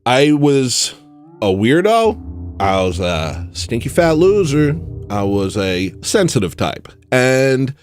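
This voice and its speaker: A man ranting in a rambling, jokey monologue on a livestream, swinging from shouting to muttering. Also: mid-range voice, big pitch swings, slow pace, faint music behind. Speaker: livestream host.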